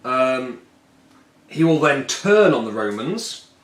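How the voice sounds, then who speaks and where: A man plays a tabletop wargame solo, chatting as he goes in an echoey room. His medium-pitched voice is sing-song and slow, and he rambles, jokes and puts on silly voices for the miniatures.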